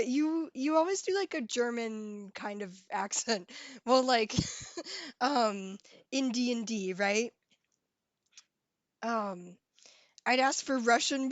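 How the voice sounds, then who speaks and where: A woman's voice: high-pitched, no room sound. A young woman hosting a casual live stream, chatting with her viewers, reading their messages aloud and giggling often.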